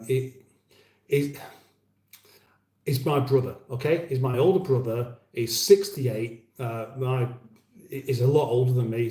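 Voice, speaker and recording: A man's voice: mid-range voice, warm tone, reverberant. A British man in his fifties hosting a casual livestream from his kitchen, reading out viewer comments with rambling, wry banter and frequent restarts. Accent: British English. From England. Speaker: livestream host. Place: home kitchen.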